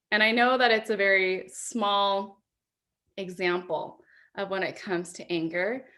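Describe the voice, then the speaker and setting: A woman's voice: medium pitch, fairly bright tone. A woman in her thirties giving a conference talk, speaking conversationally, asking reflective questions and laughing often. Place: apartment.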